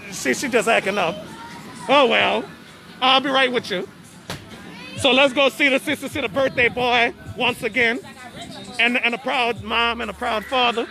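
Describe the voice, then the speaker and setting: Gravelly, stammering, live party host, music and crowd behind, phone recording outdoors. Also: medium pitch, pushed and bright. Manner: stammers, repeating words. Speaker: host of an online show. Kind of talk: casual live-stream commentary. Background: music and a chattering crowd.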